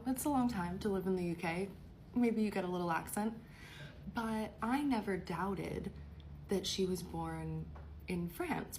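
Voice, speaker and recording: A woman's voice: on the low side, a little mellow, slight background noise. A young woman from the United Kingdom telling a gossipy story in a chatty, casual way.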